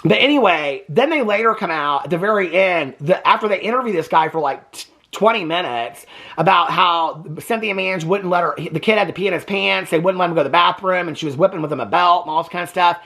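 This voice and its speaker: Casting: male reaction host, lively swooping delivery, exasperated and chatty. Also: high-pitched, vocal fry. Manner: animated, exasperated, talks in quick asides. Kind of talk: casual commentary recap.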